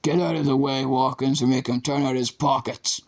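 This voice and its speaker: A man voicing a manic, violent male chemistry teacher who rants and shouts desperately. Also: mid-range voice, steady tone, normal speed, creaky, natural voice. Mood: raving.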